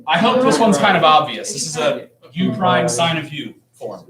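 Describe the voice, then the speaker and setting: A man's voice: a little high, sing-song, moderate pace, a crowd in the background. A man teaching a calculus class, explaining problems in a casual, joking way. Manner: joking, conversational. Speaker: math teacher. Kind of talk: classroom lesson. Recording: echoey classroom, distant mic.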